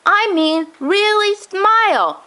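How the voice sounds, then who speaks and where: A woman reading a storybook aloud, voicing a fussy, distraught old grandfather with a high, wailing, indignant voice. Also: expressive, takes it slowly, pushed and bright, exaggerated voice. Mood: suspicious.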